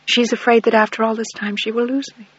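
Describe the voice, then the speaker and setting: A gentle, quiet woman pleading earnestly, voiced by a man who lifts his pitch. His tone is husky, and the recording is dull and dry. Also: flat delivery, fast, no echo, heavily acted.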